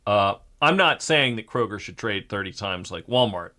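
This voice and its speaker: A man's voice: on the low side, animated, moderate pace, sharp tone. A man hosting a casual market talk show, thinking aloud with frequent fillers and restarts. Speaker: show host.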